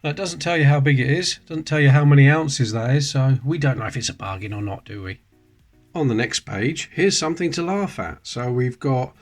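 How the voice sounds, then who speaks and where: A man's voice: mid-range voice, lively intonation, moderate pace, soft background music. A man hosting his hobby channel, leafing through an old magazine in casual commentary with chatty, wry asides. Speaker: coin-collecting channel host. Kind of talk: casual show-and-tell commentary.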